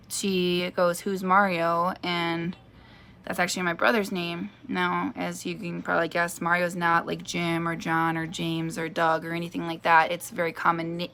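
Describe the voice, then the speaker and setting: Bright-voiced chatty woman telling a story. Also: on the low side. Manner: chatty, lots of fillers, acts out quoted voices. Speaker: vlogger. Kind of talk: personal storytelling vlog.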